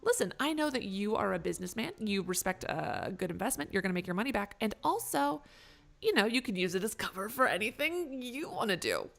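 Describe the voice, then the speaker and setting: A woman voicing a smooth-talking vampire character in a life-sim game, pitching a shady business deal. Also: big pitch swings, fairly quick, fairly bright tone, soft background music. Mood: persuasive. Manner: persuasive salesy pitch with hesitant fillers.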